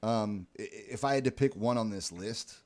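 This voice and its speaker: A man's voice: on the low side, brisk. A man co-hosting a casual fantasy football podcast, laid-back and joking, often trailing off with ums. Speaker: podcast co-host. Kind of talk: casual chat.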